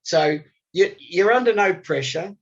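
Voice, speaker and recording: Husky older man telling stories. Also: high voice, measured pace. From Australia. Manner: animated storyteller, voice jumps up when excited. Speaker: guest musician. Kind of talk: storytelling interview. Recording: slightly dull lo-fi recording.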